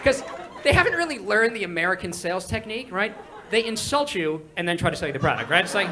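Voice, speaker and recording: Man, stand-up comedian, from Israel, high voice, very bright, fast, punchy delivery. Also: sing-song, a crowd in the background, background noise. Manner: quick punchy joke delivery. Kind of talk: stand-up routine.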